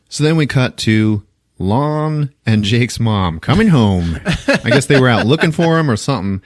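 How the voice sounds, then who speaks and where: A man's voice: medium pitch, very animated, moderate pace, no room sound, studio quality. A man hosting a podcast, casually recapping a film in loose, profane storytelling and voicing the characters as he goes. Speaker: podcast host.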